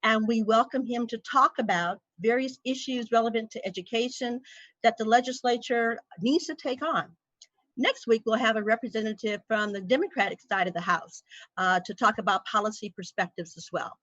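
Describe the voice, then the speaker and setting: A woman hosting a virtual town hall introduces her guest in a formal, measured tone. Her voice sits a little high. The video-call audio is dry and somewhat muffled. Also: a bit bright. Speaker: host.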